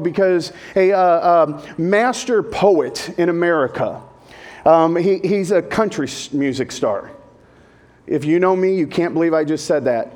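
A man's voice: high voice, lively intonation, normal speed, a little mellow. A male pastor giving a humorous sermon, talking in a jokey, conversational way and putting questions to the congregation.

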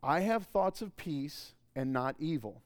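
A male pastor preaching a sermon in a church, conversational and joking, with sudden loud bursts of emphasis. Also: fairly high pitch, lively intonation, measured pace. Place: church auditorium.

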